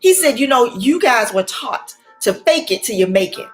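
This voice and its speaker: Woman life coach, preacherly motivational talk, repeats key words, slightly high voice, faint background music. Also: lively intonation, moderate pace.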